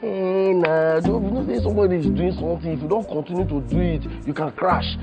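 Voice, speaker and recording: An actor with a Nigerian Pidgin accent playing a playful young man who flatters and jokes with his friend. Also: high-pitched, a little fast, highs cut off, loud music behind the voice. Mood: scheming. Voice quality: flattering, jokey. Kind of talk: film drama acting.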